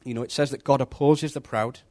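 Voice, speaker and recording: With a medium-pitched voice at a slightly fast pace, a preacher gives a casual devotional talk. He's animated and conversational, voicing the people in his stories.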